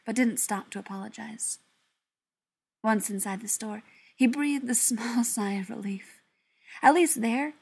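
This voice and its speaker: A woman reading a story aloud as narrator, in an even, steady storytelling manner. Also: fairly high pitch, gravelly, breathy edge. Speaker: audiobook narrator. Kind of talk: scripted narration.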